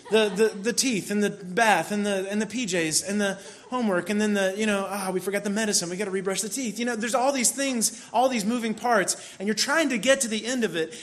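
A man with a high voice gives a sermon in an easygoing, chatty way. He tells a family story and now and then bursts into playful frustration. His voice stays high even when he drops low. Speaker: pastor.

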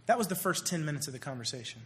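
A man preaching, telling stories with swings between hushed passages and loud bursts. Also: on the high side, very animated, very fast. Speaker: youth minister. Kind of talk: sermon storytelling.

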